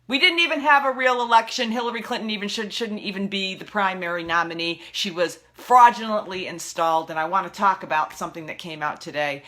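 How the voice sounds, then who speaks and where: Bright-voiced woman on an exasperated rant. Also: medium pitch, fairly quick, few pauses. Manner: exasperated, ranting, stammering restarts. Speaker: political video blogger. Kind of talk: impassioned political rant.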